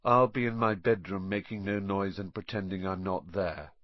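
A man reading a story aloud, voicing a glum, put-upon teenage boy who speaks low and toneless. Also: steady tone, normal speed, dry recording, highs cut off, natural voice.

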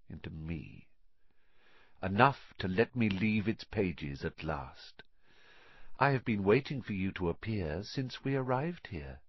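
A man's voice: on the low side, husky, no echo, muffled recording, exaggerated voice. A man reading an audiobook, voicing a scheming, sneering sixteen-year-old boy wizard who gloats in a silky, cold manner. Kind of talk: audiobook character voice.

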